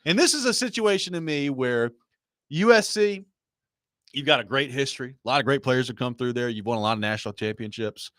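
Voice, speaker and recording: A man hosting a sports talk show, telling a story in a casual, animated way with laughing asides. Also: medium pitch, a little fast, dry recording, clean studio sound. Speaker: sports radio host.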